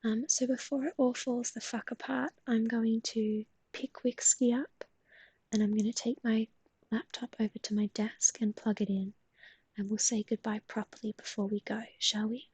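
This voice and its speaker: A young Australian woman talking on a live stream in a very breathy, often half-whispered voice, a little higher than most. She sounds chatty and affectionate and swears casually. The sound is dry and close. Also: flat delivery, normal speed, darkish tone, no echo.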